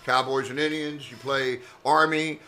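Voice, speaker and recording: Bright-voiced, profane man telling stories. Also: medium pitch, measured pace. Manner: profane, rambling, animated storyteller. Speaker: actor and comedian guest. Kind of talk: casual podcast storytelling.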